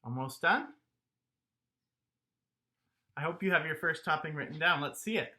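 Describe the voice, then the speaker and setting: Upbeat bright-voiced music teacher man. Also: on the high side, moderate pace. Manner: encouraging, talks directly to young students. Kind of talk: recorded online music lesson.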